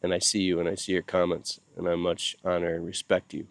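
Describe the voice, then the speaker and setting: Here a sleep-deprived man who hosts a video channel chats casually to camera, his low voice monotone and his grief heartfelt. He stops frequently and says words over again. The sound is close and dry, with no echo or room sound.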